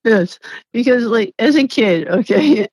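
A young woman talks as an interview guest, laughing often and acting out what people said. Her telling is animated and loose, with casual swearing. The sound is dry and close. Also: on the high side, a little slow, husky, dry recording, poor audio. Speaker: interview guest, former reality show contestant. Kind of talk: casual storytelling.

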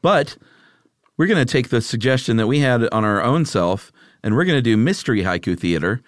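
A man's voice: medium pitch, fast, no echo, clean studio sound. A man co-hosting a casual podcast chat, playful and reading jokes aloud with mock drama. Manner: playful, animated, reads quips with mock drama. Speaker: podcast co-host.

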